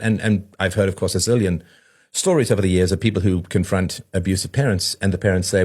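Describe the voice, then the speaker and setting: Man, low voice, podcast host, conversational monologue, tag questions, acts out quotes. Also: fairly quick, darkish tone, slightly rough. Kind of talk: explanatory monologue.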